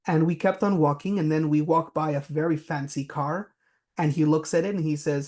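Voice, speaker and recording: A man's voice: fairly high pitch, fairly even intonation, moderate pace, a little mellow. A man giving a business talk, telling anecdotes with frequent fillers. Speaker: presenter.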